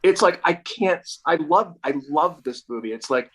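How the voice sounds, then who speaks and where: A man's voice: fairly high pitch, animated, normal speed, a bit bright, rough recording. A man co-hosting a podcast in casual chat, gushing about a film with lots of "like". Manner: gushing, effusive, fillers like "like". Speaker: podcast co-host.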